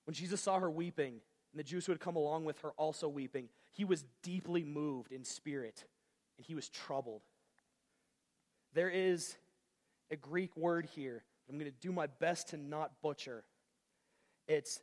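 A man's voice: on the high side, measured pace, a little mellow, long reverb tail. A man preaching a sermon in a casual, conversational way with slang. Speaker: pastor.

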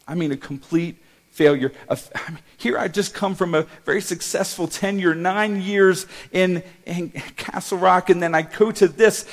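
Emotional, halting middle-aged male pastor. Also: high-pitched. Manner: emotional, halting, with repeated restarts. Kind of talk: personal testimony sermon.

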